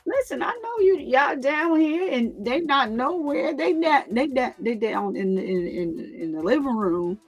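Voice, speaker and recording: Animated woman talking to her viewers. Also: high-pitched, measured pace, hardly any pauses. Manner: animated, repeats phrases, laughs often. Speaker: commentary channel host. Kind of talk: casual commentary to viewers.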